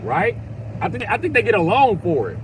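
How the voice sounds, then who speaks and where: A man's voice: high-pitched, huge pitch swings, fairly quick, a little hiss or hum. Crude ranting man in a car. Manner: blunt, crude, emphatic. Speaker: vlogger. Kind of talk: profane ranting monologue.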